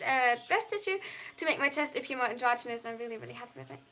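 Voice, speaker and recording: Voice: mid-range voice, lively intonation, fast, sharp tone. A young adult non-binary streamer with a German accent, earnestly reading out chat messages and answering them at length on a live stream. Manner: earnest, reads chat aloud and replies at length.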